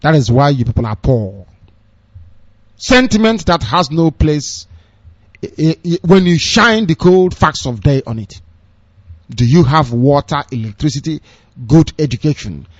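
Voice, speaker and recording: Nigerian guy ranting on radio, scolding and mocking, kinda high voice, muffled dry sound. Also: animated, measured pace, long pauses, dry recording. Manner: fiery, sarcastic, scolding. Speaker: radio broadcaster. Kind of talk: political radio commentary. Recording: dull lo-fi dry radio recording.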